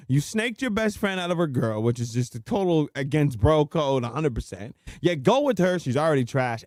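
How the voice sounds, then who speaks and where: Animated mocking male stream host. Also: high-pitched, no echo, clean studio sound. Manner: animated, slangy, mocking rants; laughs and interrupts himself to greet viewers. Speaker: livestream host. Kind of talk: live stream reaction commentary.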